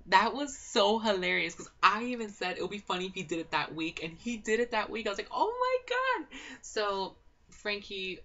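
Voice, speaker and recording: A young woman giving a casual, gossipy reality show recap, excitable and swearing a lot, with constant filler words. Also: mid-range voice, brisk. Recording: dull lo-fi home recording.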